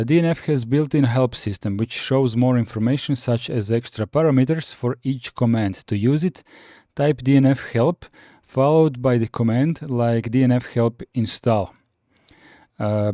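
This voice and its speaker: Working through his notes on a live stream, a man hosting a Linux course explains things steadily, stopping between points to answer chat and frequently saying "uh." His warm, mellow voice is mid-range, and the close desk-mic recording is dry with no room sound.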